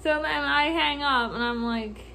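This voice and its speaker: High, bright-voiced exasperated woman vlogger. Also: vocal fry, slight background noise. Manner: exasperated, swears freely, laughs often; acts out customers' lines in quick quoted snippets. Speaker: vlogger recounting her workday. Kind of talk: casual storytime vlog.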